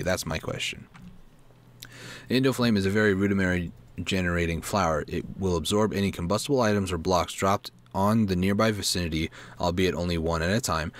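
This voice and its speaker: A man hosting a gaming video, reading an in-game guide aloud, stumbling over words and correcting himself, with asides and questions to himself. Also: low-pitched. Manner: reads aloud haltingly, stumbling and self-correcting. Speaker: gaming channel host.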